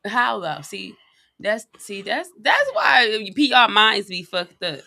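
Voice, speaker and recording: Woman cohost bantering loose, blunt, crackly voice, bursts out loud. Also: mid-range voice, very animated, slow, creaky. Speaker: show co-host. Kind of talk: casual podcast banter.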